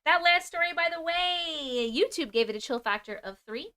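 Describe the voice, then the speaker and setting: A woman hosting a casual livestream, chatting with viewers and rattling off quick thank-yous for gifts, excitable and prone to laughing and swearing. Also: extremely high pitch, very noisy. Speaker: livestream host. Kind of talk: casual livestream chat, reading comments and thanking gifters.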